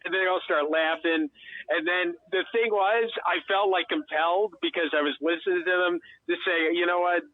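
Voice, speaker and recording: Halting man comedian on a tinny phone line. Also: high-pitched, fairly even intonation. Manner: halting, full of restarts and "you know". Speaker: comedian guest. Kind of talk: casual interview chat over phone.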